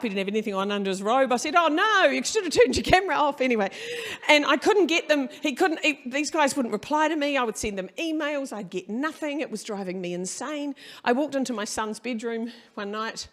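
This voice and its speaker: A middle-aged woman, giving a conference presentation in an animated, frank storytelling manner with quoted dialogue. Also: fairly high pitch. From New Zealand. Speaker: keynote speaker.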